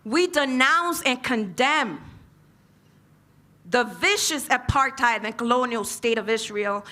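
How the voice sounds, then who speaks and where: A woman's voice: fairly high pitch, animated, slow, bright, forceful tone. A woman from the United States, an invited panel speaker and organizer, giving an impassioned political speech and leading the crowd in call and response. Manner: fiery, leads chanted call and response.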